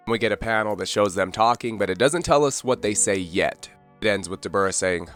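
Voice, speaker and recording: Male recap host, casual and chatty, lower-pitched, faint background music. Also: steady tone, fast, fairly bright tone. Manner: reads dialogue aloud in a loose conversational way, "kinda", "like". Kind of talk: casual manga recap narration.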